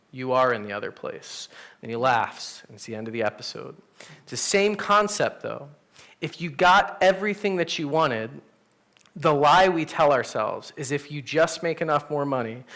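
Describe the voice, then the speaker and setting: A man, a pastor, teaching an adult Sunday class in a church room, telling stories in a casual, animated way. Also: a little high. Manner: animated, storytelling, conversational with fillers. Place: church classroom with teens present.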